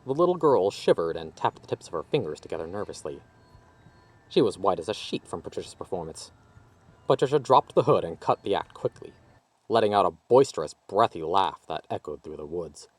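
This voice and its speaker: Deep-voiced male storyteller. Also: fairly quick, slightly rough. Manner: expressive storytelling. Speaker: narrator. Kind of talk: audiobook reading of own story.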